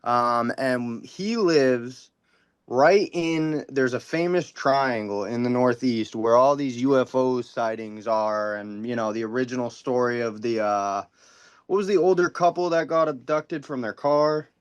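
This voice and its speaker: Brief: male caller, mid-pitched, smooth tone, casual rambling storyteller, a bit shaken. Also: measured pace, dry recording. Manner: rambling, full of "like" and "you know," swears freely. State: a little worked up. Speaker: caller sharing a paranormal experience.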